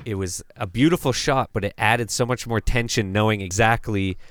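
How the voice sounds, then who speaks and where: A man on a horror film podcast, talking casually and full of fillers, who tells stories by acting out what each person said. His voice is fairly low for a man, smooth and clear. The recording is dry. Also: normal speed, a bit bright, dry recording. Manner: storytelling, acts out quoted people, many fillers. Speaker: podcast co-host. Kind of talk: casual chat about horror films.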